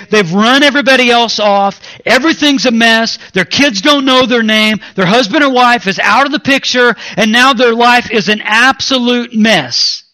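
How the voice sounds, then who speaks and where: A man preaching a sermon as pastor. He moves between raised, urgent preaching and low, hushed asides, and playfully acts out his own inner voice.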